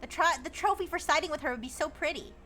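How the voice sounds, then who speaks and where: Giggly high-voiced woman streamer. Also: fast talker, sharp tone, soft background music. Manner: giggly, reads chat aloud and riffs on it. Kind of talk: casual live-stream chat.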